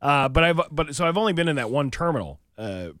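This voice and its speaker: A man's voice: on the high side, very animated, fast, fairly bright tone, dry recording, clean studio sound. A man co-hosting a casual podcast, reading local news stories and rambling about them with many restarts.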